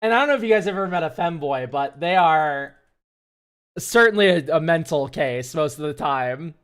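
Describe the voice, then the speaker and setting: A man's voice: on the high side, expressive, moderate pace, a bit bright, clear, resonant tone. A young man streaming, chatting casually in a rambling, sarcastic way and laughing often. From United States. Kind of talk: casual chat.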